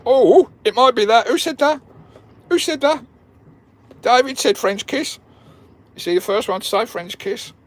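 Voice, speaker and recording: A man's voice: extremely high pitch, expressive, a little slow, long pauses. A man hosting a live stream, chatting jokily with viewers, swearing freely and laughing a lot as he guesses a puzzle. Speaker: vanlife channel host.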